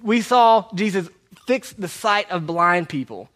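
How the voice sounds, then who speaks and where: A man's voice: high-pitched, expressive, a little slow, fairly bright tone. A man preaching a sermon in a conversational way, repeating his key phrases. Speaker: pastor. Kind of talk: sermon teaching through a book.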